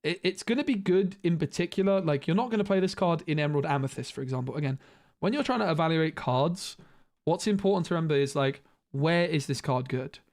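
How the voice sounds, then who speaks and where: A man's voice: on the high side, fairly quick, darkish tone. A man streaming a casual card review, thinking aloud with frequent restarts.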